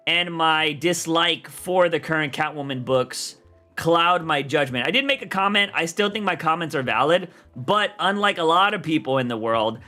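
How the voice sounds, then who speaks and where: A young man talks loosely on his livestream, rambling in slang with plenty of animation. His voice sits high and bright with a sharp edge. Faint music plays behind him. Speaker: streamer and comic podcast host. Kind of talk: casual livestream chat.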